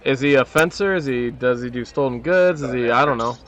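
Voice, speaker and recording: A man's voice: mid-range voice, fairly quick, a bit bright, lo-fi sound. A young man acting as game master, laid-back and laughing often as he runs a tabletop game.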